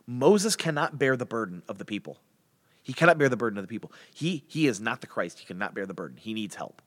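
A man's voice: medium pitch, fast talker. A man teaches a Bible passage in easy, conversational speech, slipping into voices for the characters. His voice sits in a middle register. A long reverb trails after his words. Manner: conversational, animated, acts out biblical characters in voices.

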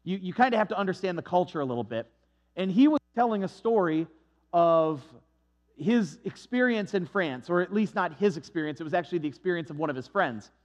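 A man's voice: high voice, expressive, brisk. A man preaching, reading scripture and then telling a story in a conversational, rambling way. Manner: conversational storytelling with frequent restarts. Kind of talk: sermon with Bible reading and personal story. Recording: dull lo-fi recording.

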